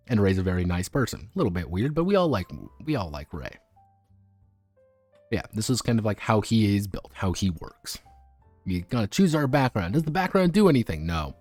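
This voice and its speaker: A man with a lowish, darkish voice streams a casual, unscripted, rambling talk about tabletop games, full of fillers and the occasional curse. It's captured on a streaming microphone and the recording is dry.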